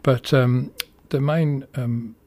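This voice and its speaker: A man's voice: mid-range voice, steady tone, slow, warm tone. A man presenting a music show, talking unscripted and hesitantly with many ums and restarts. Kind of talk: casual unscripted radio-style introduction.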